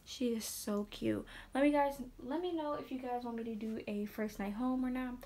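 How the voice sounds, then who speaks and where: A young woman vlogging casually as she unboxes something, gushing and often dropping into breathy whispers. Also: a little high, a little fast, darkish tone.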